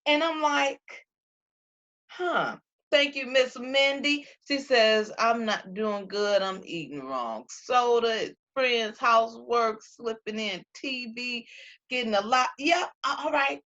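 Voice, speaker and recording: A woman talking casually to viewers about faith and feelings, acting out her own quotes in an animated way. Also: fairly high pitch, a little slow, highs cut off.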